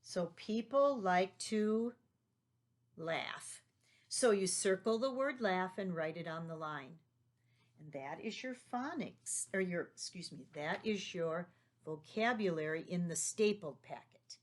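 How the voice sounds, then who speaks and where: A woman's voice: lowish voice, animated, measured pace. A woman teaching a remote lesson to young children, patient and leading them along with tag questions.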